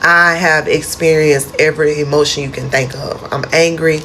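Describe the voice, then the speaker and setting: Low-pitched woman telling her own wild story, gets loud n dramatic when quoting herself, faint hiss behind. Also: moderate pace. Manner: animated, dramatic retelling with quoted outbursts. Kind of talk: personal storytime narration.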